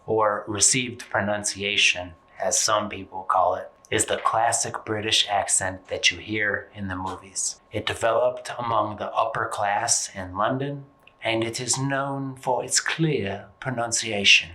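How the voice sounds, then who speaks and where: Low-voiced man teaching in a roomy space. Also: steady tone, unhurried, sharp tone. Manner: playful, jokey asides. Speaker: English teacher. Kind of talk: casual explanatory video lesson. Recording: roomy echo.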